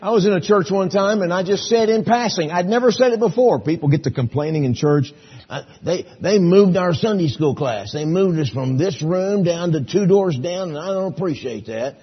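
A man's voice: high voice, animated, normal speed, slightly rough, muffled recording. A male preacher giving a folksy, story-filled sermon, acting out characters in a church auditorium.

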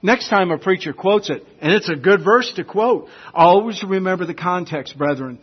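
A man preaching a sermon, emphatic, swinging between hushed and loud. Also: high-pitched, animated, moderate pace, slightly rough. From United States. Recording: dull lo-fi recording.

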